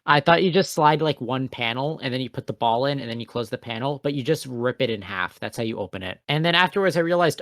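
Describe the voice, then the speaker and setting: A man's voice: a little high, fast, few pauses, fairly bright tone, no room sound, clean studio sound. A young man co-hosting a casual podcast, telling a rambling, self-mocking story with a passive-aggressive edge. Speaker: podcast co-host.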